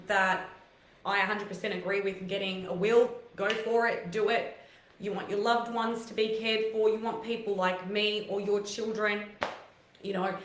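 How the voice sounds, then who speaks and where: Woman, live-stream host, emotional and near tears, rough lowered voice, heartfelt rambling encouragement, mid pitch, roomy echo. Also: a bit bright. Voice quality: voice deeper and rougher than her usual. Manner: heartfelt and encouraging, rambling with many fillers and restarts. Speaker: host of a live online talk show. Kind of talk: live-stream motivational talk to viewers. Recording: echoey room.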